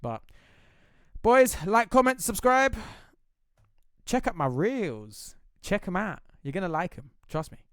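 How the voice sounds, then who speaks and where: A man's voice: sits high, very animated, slow, long pauses, fairly bright tone, clear, resonant tone, no room sound, studio quality. A young British man giving a casual, slangy fight breakdown as a reaction vlogger, swearing freely.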